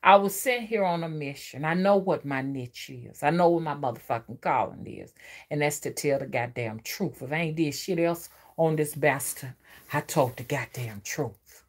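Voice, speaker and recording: A woman's voice: sits low, animated, normal speed. Lady doing a fired-up spiritual rant, swears a lot, keeps asking you understand. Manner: profane, preachy, emphatic, asks the listener to agree. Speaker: spiritual reader and rootworker. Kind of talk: ranting spiritual monologue.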